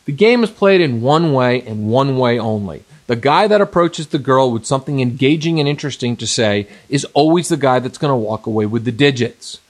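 A man's voice: medium pitch, lively intonation, a little fast, hardly any pauses. A middle-aged man giving an emphatic seminar talk as a dating coach, repeating points and addressing the men directly.

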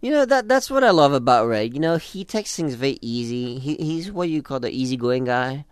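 A man's voice: medium pitch, a little fast, clean tone, no echo. A man co-hosting a casual talk show, animatedly discussing a TV episode and acting out quoted lines. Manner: animated, acts out quoted lines in different voices. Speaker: podcast co-host discussing a TV episode. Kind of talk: casual chat.

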